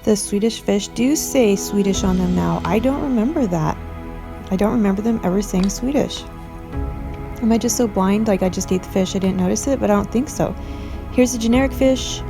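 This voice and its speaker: Female vlog host with a gravelly voice, casual and earnest, a bit defensive. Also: medium pitch, a little fast, over music. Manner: rambling, earnest, defensive toward critics. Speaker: video host.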